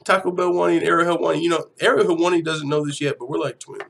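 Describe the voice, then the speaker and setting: A man hosting an MMA live-stream chat, talking casually and profanely, swinging from low mumbling to loud shouting. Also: fairly even intonation, rapid-fire, gravelly, hardly any pauses.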